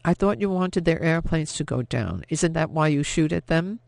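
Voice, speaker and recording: A man voicing a frightened young French woman whose anxious, sharp speech rises to fury. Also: a little high, animated, moderate pace, vocal fry, no room sound. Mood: wary.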